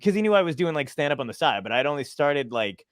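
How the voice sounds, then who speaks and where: A man's voice: fairly high pitch, very animated, fast talker, no room sound, clean studio sound. A man hosting a casual comedy podcast, laughing often as he tells rambling, profane stories. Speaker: podcast host.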